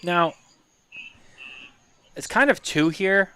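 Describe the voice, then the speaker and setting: A man co-hosting a casual talk show, animated and teasing, laughing often as he talks. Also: high-pitched, extremely slow, smooth. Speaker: podcast co-host. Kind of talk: casual chat.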